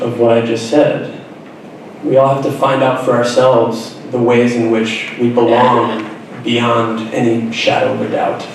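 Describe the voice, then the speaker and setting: Young male author, earnest storyteller with wry humor, heard from a distance in a booming school auditorium. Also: a little mellow, a little hiss or hum. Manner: earnest, reflective, self-deprecating humor. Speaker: author giving a school talk. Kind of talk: personal storytelling speech. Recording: very echoey hall, voice from far off.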